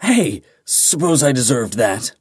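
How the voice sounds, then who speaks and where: A man voicing a teasing, kindly male military commander in an audiobook, speaking low and softly. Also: very animated, slow, slightly rough, dry recording, studio quality, exaggerated voice. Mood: cheerful. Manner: low, soft-spoken, half-whispered. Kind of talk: audiobook character voice.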